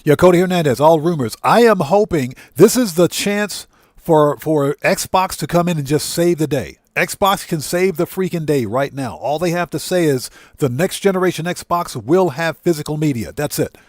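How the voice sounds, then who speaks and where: Fired-up male streamer, higher voice. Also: lively intonation, normal speed, a little mellow, no echo, clean studio sound. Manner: fired-up and indignant, greeting chatters by name. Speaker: livestream host. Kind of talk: ranting livestream chat.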